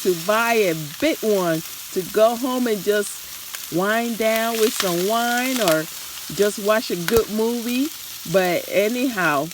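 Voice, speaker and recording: A woman's voice: medium pitch, background noise. A woman from the New Jersey and New York area hosting a casual cooking demonstration in her kitchen, chatty and enthusiastic, talking straight to her viewers while she is losing her voice. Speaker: cooking channel host. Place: home kitchen at the stove.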